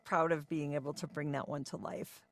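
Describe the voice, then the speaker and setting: A woman's voice: low voice, little pitch movement, moderate pace, no room sound. A woman in her forties, a voice-over artist, chatting upbeat in a podcast interview with frequent ums.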